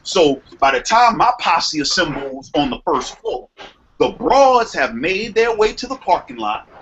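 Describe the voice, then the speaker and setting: A young man telling a long story in casual podcast chat, profane and animated, acting out quotes. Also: high-pitched. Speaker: podcast co-host. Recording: muffled lo-fi sound with faint noise.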